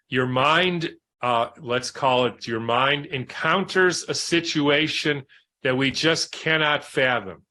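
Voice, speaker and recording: A man reading a book aloud in a measured, reflective way, pausing for spoken asides. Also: mid-range voice, bright, forceful tone. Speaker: reader and commentator.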